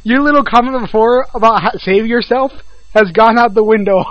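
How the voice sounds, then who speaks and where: A man's voice: very high-pitched, a little fast, no room sound, lo-fi sound. A young man hosting a podcast, teasing his co-host and laughing often. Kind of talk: casual chat.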